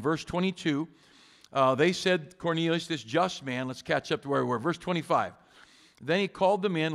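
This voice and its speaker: Pastor guy preaching in church, gravelly voice a bit high, acts out little chats. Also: fairly bright tone. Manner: folksy, acts out conversations, chuckles often. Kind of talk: sermon.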